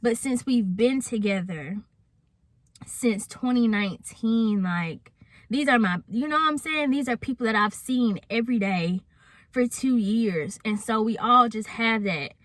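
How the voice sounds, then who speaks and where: A woman's voice: fairly high pitch, unhurried, a bit bright, no echo. A young adult woman telling a personal story in a casual, candid vlog, chatting straight to her viewers. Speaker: vlogger.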